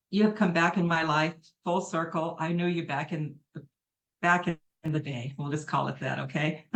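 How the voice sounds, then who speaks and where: Earnest, emotional middle-aged woman. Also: lowish voice. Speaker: testimonial speaker on a live call. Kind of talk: emotional heartfelt testimonial.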